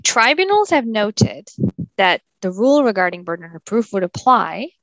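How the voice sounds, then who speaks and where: A woman's voice: medium pitch, sing-song, moderate pace, dry recording, lo-fi sound. A woman co-hosting a casual legal podcast, explaining a point of law in a playful, teasing way. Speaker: podcast co-host.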